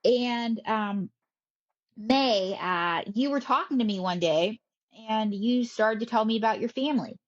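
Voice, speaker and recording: A woman, a ventriloquist, talking casually as an interview guest with animated storytelling. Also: a little high, a little slow, highs cut off.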